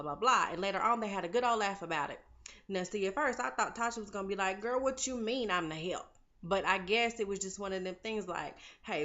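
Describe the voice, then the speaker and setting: A woman's voice: fairly low pitch, a bit bright, muffled recording. A woman vlogger giving a casual, slangy recap of a TV episode and talking straight to her viewers.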